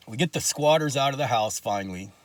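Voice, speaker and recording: A man's voice: mid-range voice, fairly bright tone, no room sound. A man telling his own life story in casual talk, blunt and profane, with angry asides.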